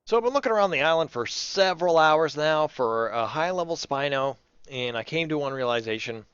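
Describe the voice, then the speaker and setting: A man's voice: fairly high pitch, animated, fairly quick, a bit bright, clean tone, no echo, muffled recording. A man hosting his gaming channel, chatting and rambling through his gameplay and talking to the animals in the game. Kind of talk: casual gameplay commentary.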